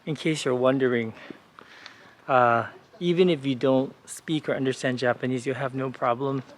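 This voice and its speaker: Male travel host, relaxed tour-guide delivery, outdoor street walk, faint background noise. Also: medium pitch, moderate pace. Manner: relaxed, informative, with frequent "uh" and "you know" fillers. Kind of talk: casual walking tour narration.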